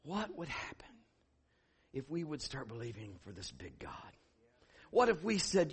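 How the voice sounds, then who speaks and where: A male pastor preaching a sermon, telling a story in an animated way and acting out what people said. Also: on the high side, normal speed, slightly rough. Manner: animated, laughing, acting out quotes.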